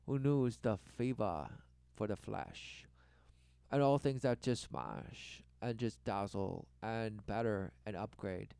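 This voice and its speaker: A man with a gravelly, creaky voice rambles through a commentary, burst after burst, then drops to a low mutter. The tone is smooth and clear under the grit. The sound is close and dry, with no room around it. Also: dry recording. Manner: swings from loud exclaiming to low muttering; repetitive, breathless wordplay. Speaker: commentator reacting to a documentary.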